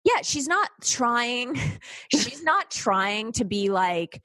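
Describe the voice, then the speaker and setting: A woman co-hosting a podcast, telling a story in a casual, animated way, swearing freely and acting out what people said. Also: on the high side, takes it slowly, no echo. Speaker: podcast co-host.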